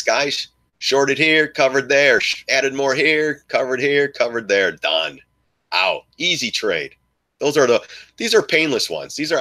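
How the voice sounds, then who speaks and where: A man giving excitable live stock market commentary to his viewers, joking and swearing as he goes. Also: mid-range voice. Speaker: stock trading streamer.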